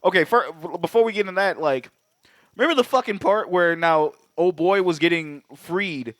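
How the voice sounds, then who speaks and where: A man co-hosting a movie podcast, telling scenes in animated, profane casual chat and acting out lines. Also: high-pitched, moderate pace, no echo. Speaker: podcast co-host.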